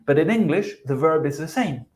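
A man's voice: fairly high pitch, animated, a little fast, a little mellow. A man with a South American Spanish accent, a native Spanish speaker, patiently explaining grammar as a co-host of a podcast lesson. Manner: patient explaining, chuckles at slips. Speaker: English teacher, podcast co-host.

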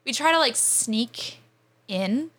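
A young woman telling a story in a casual chat, with animated delivery and many "like" fillers. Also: fairly high pitch. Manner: animated, fast, frequent "like" fillers, laughing as she tells it.

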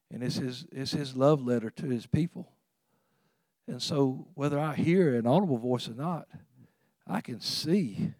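Male preacher, easygoing conversational sermon, swells and softens, dry close mic. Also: medium pitch, no echo. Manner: folksy, conversational preaching with chuckles; swells louder for emphasis, drops soft for tender points.

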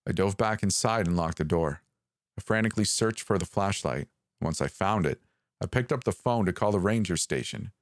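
Very deep-voiced man narrating horror. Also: dry recording, studio quality. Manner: calm, measured storytelling. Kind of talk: first-person horror story narration.

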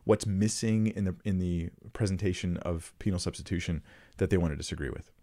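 A man giving casual, earnest commentary on clips he plays, with rhetorical questions and quick restarts. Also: low-pitched, dark tone. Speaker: Christian commentator.

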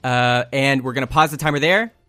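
A man's voice: mid-range voice, fairly quick, pushed and bright, no room sound, faint music behind. A man narrating as game master in a tabletop game, casual and loose.

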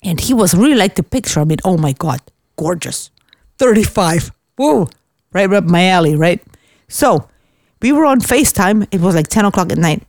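A woman from Austria telling dating stories in casual chat, blunt and animated, swearing freely. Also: on the low side, moderate pace, dry recording.

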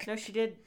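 A woman co-hosting a chatty podcast, jumping in with quick reactions and teasing questions. Her manner is playful and loose. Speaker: podcast co-host. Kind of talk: casual chat.

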